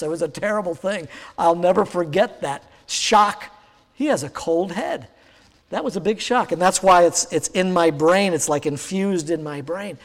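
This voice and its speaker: A man in his sixties preaching a sermon, telling a personal story in a halting way with many fillers and restarts. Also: sits high, long reverb tail. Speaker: pastor.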